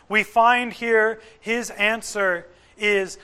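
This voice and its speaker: A man preaching a sermon in an earnest, emphatic way, with dramatic pauses. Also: high voice, steady tone, sharp tone.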